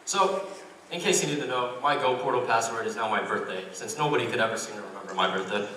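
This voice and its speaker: A young man doing a stand-up comedy set, deadpan and self-deprecating, with lots of "like" fillers. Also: mid-range voice, fast talker, noisy background. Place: university comedy club stage. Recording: echoey room, mic far off.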